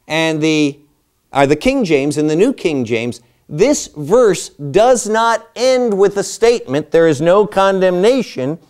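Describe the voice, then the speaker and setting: A man's voice: sits high, a little mellow, clean tone. A man teaching a Bible class, lecturing through a passage and posing rhetorical questions to his listeners.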